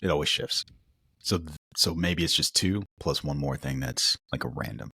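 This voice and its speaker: A man co-hosting a podcast, rambling through stories in casual chat with an animated, storytelling manner. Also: extremely low pitch, normal speed, slightly rough, no echo, studio quality. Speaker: podcast co-host.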